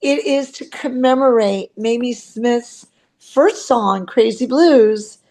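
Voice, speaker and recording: A woman guest with a Chicago accent, talking unhurriedly and pausing to search for words. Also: a little high, a little mellow. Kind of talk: casual interview talk.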